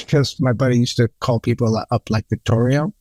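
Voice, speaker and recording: A middle-aged man chats as an interview guest, spinning anecdotes and slipping into other voices for quotes. His voice sits at an ordinary pitch, and the recording is dry and close. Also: steady tone, normal speed, dark tone, no room sound. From New York. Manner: storytelling, swearing, acts out quotes. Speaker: guest cinematographer.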